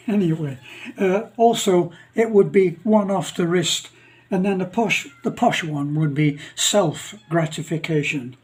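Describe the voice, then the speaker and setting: Rambling Northern English man, slow and high. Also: darkish tone. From England. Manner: rambling, chuckling, with many pauses and fillers. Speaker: channel host. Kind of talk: casual storytelling monologue.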